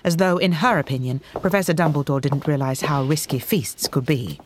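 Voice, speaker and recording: A woman narrating a drama in a measured storybook reading. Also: low-pitched, a little hiss or hum. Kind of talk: scripted narration. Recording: clear music underneath.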